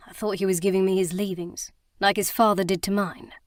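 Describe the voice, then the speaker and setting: Give me a gruff, brooding romantic hero, read by a woman, low-key and soft in a dry recording. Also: level tone, a little fast, dry recording, natural voice. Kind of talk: audiobook character reading.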